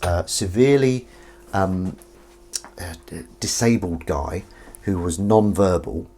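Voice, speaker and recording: A man's voice: low-pitched, slow, dark tone. A man chatting casually while washing up at home, rambling through film trivia and asides to someone in the room. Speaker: vlogger washing up. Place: home kitchen. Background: clinking dishes and cutlery.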